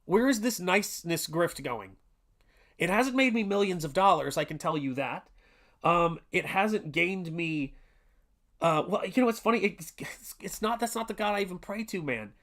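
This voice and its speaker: A man's voice: high-pitched, lively intonation, normal speed, fairly bright tone. A man in his forties hosting a casual art livestream, talking earnestly and rambling with many restarts and fillers. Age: 40s. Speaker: artist livestream host.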